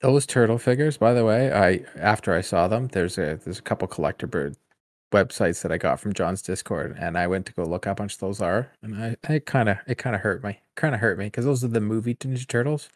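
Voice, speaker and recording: A man's voice: lowish voice, brisk, dry recording, studio quality. A man co-hosting a casual podcast, rambling and wry. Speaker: podcast co-host.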